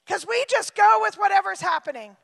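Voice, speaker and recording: A woman's voice: very high-pitched, animated, brisk, creaky, long reverb tail. A woman pastor preaching a sermon, emphatic and repeating her phrases for effect, often slipping into acted-out quotes and asides.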